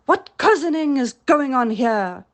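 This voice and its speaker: A woman reading aloud voices a proud, menacing male pirate captain with a slow, theatrical delivery. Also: high-pitched, sing-song, pitched above the performer's own voice. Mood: commanding. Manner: theatrical, commanding, growing fearful.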